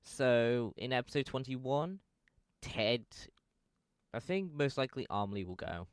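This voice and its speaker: A man's voice: medium pitch, big pitch swings, unhurried, clear, resonant tone, dry recording, studio quality. A young man giving casual fan commentary, rambling and correcting himself with lots of fillers.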